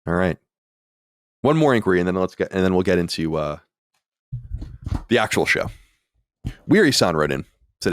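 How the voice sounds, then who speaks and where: A man's voice: low-pitched, lively intonation, moderate pace, long pauses, no room sound, clean studio sound. A man in his late thirties or forties hosting a podcast, chatting in a casual, self-deprecating way. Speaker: podcast host. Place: home studio.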